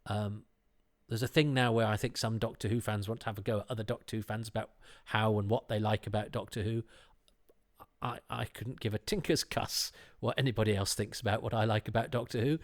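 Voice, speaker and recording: A man's voice: on the low side, fairly even intonation, brisk. A man hosting a podcast, talking in a rambling, self-deprecating way with many restarts. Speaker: podcast host. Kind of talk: casual chat.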